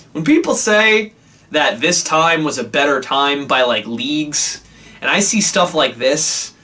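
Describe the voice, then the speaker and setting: A man reviewing old wrestling shows in a casual, sarcastic rant, swearing often and jumping into high mocking quotes. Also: recorded from a distance. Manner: animated, sarcastic, profane, jumps to high squeaky quotes.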